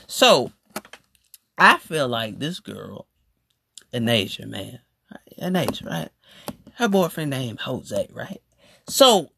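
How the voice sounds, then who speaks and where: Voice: dry recording, clean studio sound. A podcast host giving a casual, emphatic rant to listeners, swooping up and down for emphasis. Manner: animated, emphatic, swooping up and down in pitch.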